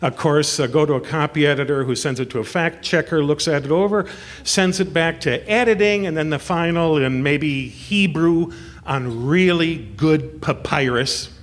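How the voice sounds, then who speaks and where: A man's voice: fairly high pitch, normal speed, big-room sound, lightly acted. An actor playing a bumbling, eager reporter in a live stage comedy sketch, stammering and fumbling his words. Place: theatre stage.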